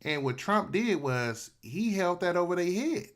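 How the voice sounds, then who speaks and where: A man's voice: high-pitched, big pitch swings, measured pace. A man hosting a podcast, giving profane, slangy political commentary and acting out mock dialogues. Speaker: podcast host.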